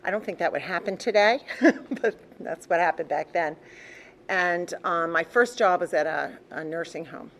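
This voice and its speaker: A woman's voice: fairly low pitch, normal speed, slight background noise. Older woman telling her story candidly. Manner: candid, conversational, with frequent restarts and soft laughs. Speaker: recovery meeting speaker. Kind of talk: personal story told to a group.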